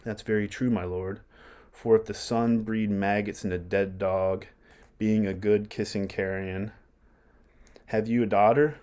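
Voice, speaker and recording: A man's voice: lowish voice, steady tone, unhurried, darkish tone, clear, resonant tone, natural voice. A man reading aloud the lines of a young prince who feigns madness and mocks, in a plain reading voice.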